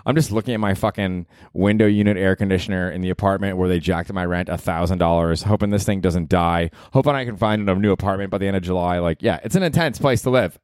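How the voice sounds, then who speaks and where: Man in his forties, solo podcast host, low voice, rambling and profane, self-deprecating, dry close sound. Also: fast, few pauses, a little mellow, clean tone, no echo. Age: 40s. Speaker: podcast host and stand-up comedian. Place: New York apartment. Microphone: handheld field recorder.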